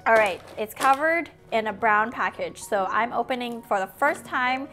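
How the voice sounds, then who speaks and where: A young woman hosting a toy unboxing video, excitable and playful, gasping at each reveal. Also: on the high side, moderate pace, soft background music. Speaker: toy unboxing channel host.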